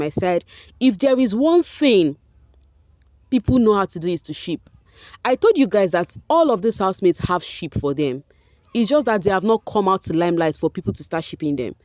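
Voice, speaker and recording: Here a Nigerian-accented woman with a lowish voice addresses her viewers straight on as "guys," hosting an animated, talkative gossip vlog built around reading fan posts. The recording is dry and of studio quality.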